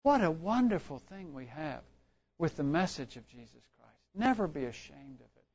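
A man with a high voice preaches a sermon, telling stories in an easy, conversational way. He often stops and restarts his sentences as he goes. The recording is dull and lo-fi. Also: big pitch swings, normal speed, darkish tone, slightly rough. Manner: conversational storytelling with frequent restarts.

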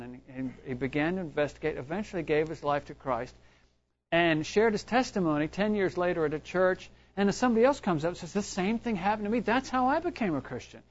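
A man preaching a sermon in a conversational, storytelling way, often restarting his sentences. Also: high-pitched. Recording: dull lo-fi recording.

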